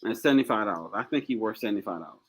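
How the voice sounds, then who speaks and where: A man hosting a motivational live stream in casual chat, animated and joking, laughing often. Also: lowish voice, racing, husky, rough recording.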